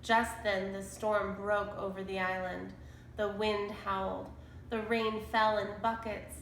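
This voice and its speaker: A woman reading a children's chapter book aloud in a slow, deliberate storytelling manner. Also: medium pitch, little pitch movement, reverberant, slight background noise, low-quality recording. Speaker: storybook reader.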